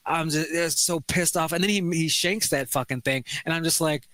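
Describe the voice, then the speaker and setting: Excitable, swearing man ranting. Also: fairly high pitch, normal speed, hardly any pauses, no echo. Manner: excitable, swears often, rants about sports. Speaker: podcast co-host. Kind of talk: casual chat.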